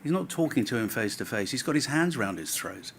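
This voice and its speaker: A man's voice: mid-range voice, sing-song, fairly quick, creaky, slight background noise. A man serving as inquiry counsel, questioning a witness pointedly and formally.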